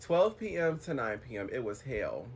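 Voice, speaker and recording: A man telling a personal story to camera in a casual, profane, animated way, swinging his voice up high when quoting himself. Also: moderate pace, slight background noise.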